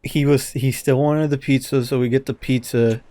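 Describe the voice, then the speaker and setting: Male podcast co-host, casual animated storyteller, mid-pitched voice, dry recording. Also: moderate pace, no room sound. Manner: animated storyteller, acts out quotes, swears often. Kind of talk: casual chat.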